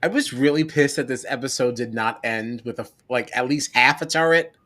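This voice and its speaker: Bright-voiced opinionated podcast host. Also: medium pitch, normal speed. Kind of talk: casual chat.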